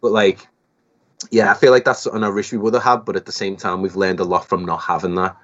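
A young man with a Liverpool accent, a guest musician chatting casually on a podcast in a relaxed, rambling way. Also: deep voice, fast talker, highs cut off. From Liverpool, England.

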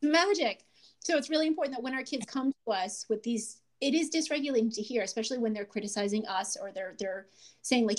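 Woman host, 30s, fairly high voice, animated and laughing, casual chat. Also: moderate pace. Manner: animated, laughs often, acts out voices in quotes. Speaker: podcast host. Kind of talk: casual podcast talk.

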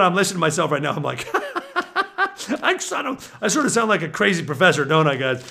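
Guy preaching all fired up, high voice with some fry, goes quiet then yells. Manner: excitable, swings from low murmurs to shouts. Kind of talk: energetic preaching monologue.

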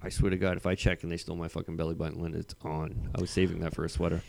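Deep-voiced deadpan male co-host. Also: racing, gravelly, slight background noise. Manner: deadpan joking. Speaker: podcast co-host. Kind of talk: casual comedic chat.

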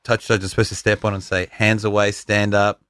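An Australian man hosts a laid-back footy podcast and rattles through fans' tweets with cheeky asides. His voice sits a little low. The room is dry, with no echo. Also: level tone, fairly bright tone, clean tone. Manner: jokey, reads out tweets, quick asides. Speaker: podcast host and rugby league referee. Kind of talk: casual sports podcast chat.

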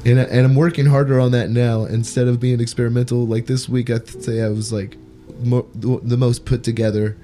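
A man's voice: mid-range voice, little pitch movement, brisk, dark tone, soft background music. A man hosting a casual podcast chat as a comedian, talking in a laid-back, rambling way full of "like" and "you know".

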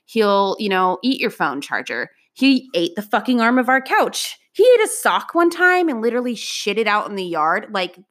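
A young adult woman telling a personal anecdote in a casual, profane and animated way, at times breaking into loud outbursts. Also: medium pitch. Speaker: storyteller.

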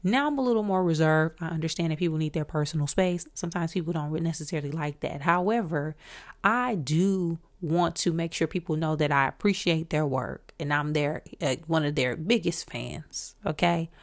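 A woman in her forties from Michigan hosting a podcast, telling stories in an animated, excitable way. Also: deep voice, normal speed. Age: 40s. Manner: animated, excitable, with bursts of emphasis. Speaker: podcast host. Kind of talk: casual storytelling.

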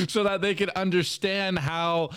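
Laid-back man, smooth voice. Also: sits high, fairly bright tone. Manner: rambling, laid-back, heavy filler words. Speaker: podcast co-host. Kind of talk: casual chat.

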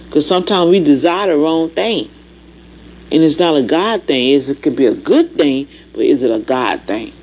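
Animated woman preacher, lo-fi sound. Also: deep voice. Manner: animated, call-and-response asides to the congregation. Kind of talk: sermon. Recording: dull lo-fi recording.

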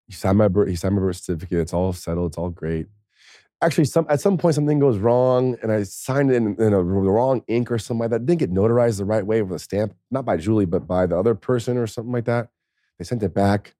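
A man's voice: on the low side, quick pace, warm tone, no echo, clean studio sound. A man, a former pro football player, telling a story in a rambling, profane way and laughing often. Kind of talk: casual storytelling.

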